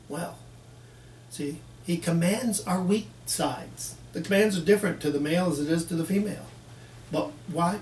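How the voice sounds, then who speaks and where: Preaching a folksy sermon, a man with a high-sitting, darkish voice plays both parts of small dialogues with his congregation. The room echoes, the mic is distant, and a faint hiss runs underneath.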